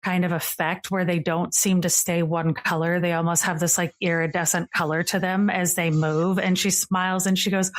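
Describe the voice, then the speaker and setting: A woman's voice: lowish voice, flat delivery, normal speed, few pauses. A woman narrating a tabletop game as game master, describing scenes casually with lots of "like" fillers.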